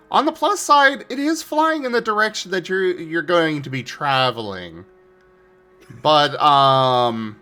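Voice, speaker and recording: A man's voice: a little high, pushed and bright. A man running a tabletop game as game master, speaking in a dry, teasing way.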